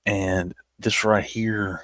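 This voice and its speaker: A man's voice: on the low side, level tone, drawn-out words, a bit bright, no echo. A man with a Southern accent chatting casually as he looks back on his old videos, rambling and poking fun at himself. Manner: rambling and self-mocking, with many restarts. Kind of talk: casual chat.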